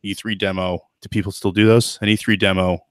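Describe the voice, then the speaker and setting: A man's voice: low-pitched, little pitch movement, fairly quick, no room sound, studio quality. A man hosting a podcast in casual chat, thoughtful and hedging, with lots of fillers and restarts. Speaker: podcast host.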